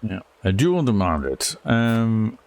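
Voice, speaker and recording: A man's voice: fairly low pitch, big pitch swings, slow pace, a little mellow, faint music behind. A man playing a strategy game, reading event text aloud with a storyteller's lilt and muttering asides between events. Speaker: let's play streamer.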